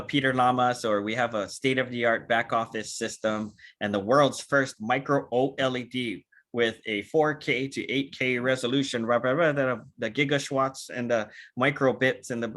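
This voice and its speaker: A man giving an energetic, animated training talk on a video call, acting out short dialogues with big jumps in pitch. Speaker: network marketing trainer.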